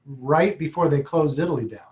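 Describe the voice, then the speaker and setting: A man photographer telling a travel story in a relaxed, easygoing way. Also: on the high side, brisk, highs cut off. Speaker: photographer and tour leader. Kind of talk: casual storytelling.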